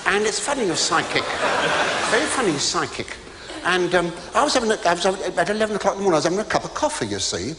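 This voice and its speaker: A man's voice: sits high, sing-song, rapid-fire, noisy background. An older man doing live stand-up comedy, chatty and stammering, with exclamatory asides to a student audience. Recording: reverberant hall with audience.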